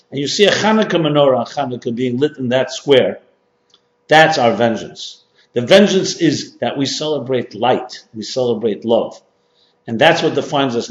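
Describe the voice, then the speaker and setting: A man teaching as a rabbi, speaking with emphatic repetition and pushing his key points higher and louder. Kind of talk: sermon-style workshop lecture. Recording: dull, echoey hall recording.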